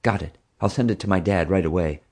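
A man with a deep voice voicing a bold, teasing young girl who talks eagerly and asks endless questions in a storybook reading. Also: fast, a little mellow.

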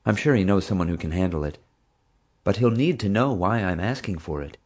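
A man with a deep voice voicing a bold, teasing young girl who talks eagerly and asks endless questions in a storybook reading. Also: lively intonation, fairly quick, a little mellow.

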